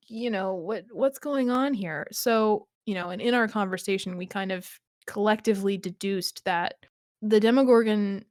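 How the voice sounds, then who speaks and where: A woman chats on a rewatch podcast in a mid-range voice, recapping scenes and musing aloud with quick restarts and laughs. Her voice sits close and dry on the mic, with no room sound around it. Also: mid-range voice, no echo. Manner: chatty, thinking aloud with frequent restarts and laughs. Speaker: podcast co-host. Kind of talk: casual rewatch podcast chat.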